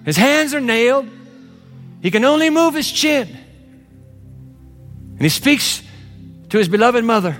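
High-voiced preacher in an echoing hall. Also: male voice, big pitch swings, unhurried, long pauses, fairly bright tone, faint music behind. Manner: dramatic, swinging from low murmurs to high exclamations. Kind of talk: sermon.

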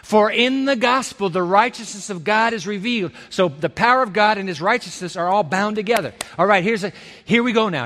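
A man preaching a sermon emphatically, repeating key phrases and swinging from quiet to loud. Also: sits high, animated, fairly quick. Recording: hall reverb.

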